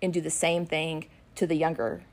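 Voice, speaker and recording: Animated middle-aged woman telling stories. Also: low voice, normal speed. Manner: animated, acts out her kids' voices when retelling. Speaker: podcast co-host and ministry worker. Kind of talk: casual chat with storytelling.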